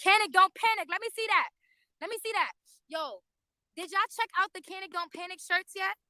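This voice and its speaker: Outside a courthouse overflow room, a woman YouTube livestreamer chats to viewers on her phone, giving casual commentary in a high, loud, bright, sharp voice at a slightly fast pace. She's animated and profane, swearing plenty and talking straight to her audience, and the sound is close and dry with no room echo.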